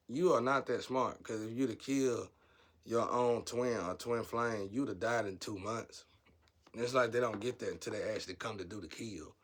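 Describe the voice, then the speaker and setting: A man giving a casual spiritual monologue, rambling and blunt, turning preachy and loud when heated. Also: lowish voice.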